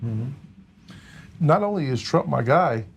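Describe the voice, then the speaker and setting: A man's voice: medium pitch, expressive, a little slow, gravelly, a little hiss or hum. A man speaking as a podcast guest, talking earnestly with frequent hesitations. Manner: earnest, hesitant with many fillers. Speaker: guest, recovery organization leader. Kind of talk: casual chat.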